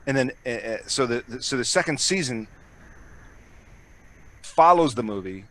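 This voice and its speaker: A man's voice: mid-range voice, animated, moderate pace, a bit bright. Rambling, swearing podcast guy. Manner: rambling, swears a lot, many restarts. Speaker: podcast co-host. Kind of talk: casual chat.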